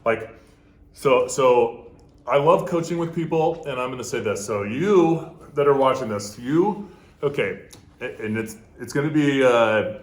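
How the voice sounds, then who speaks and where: A man's voice: medium pitch, measured pace, reverberant. A man telling a business story with emphasis, acting out the dialogue and stopping often to check in with "okay?". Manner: animated, emphatic, acts out dialogue, frequent "okay?". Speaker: guest entrepreneur.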